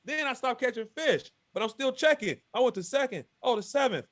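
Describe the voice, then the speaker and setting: Male guest, high pitch, casual and lively storyteller who voices the other people in his story. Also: brisk. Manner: lively, acts out quotes of others. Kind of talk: animated storytelling.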